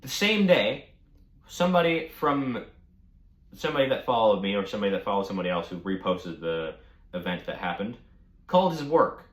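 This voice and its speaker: A young man telling a storytime rant with animated, profane delivery. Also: on the low side, a little fast. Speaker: vlogger. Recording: echoey room.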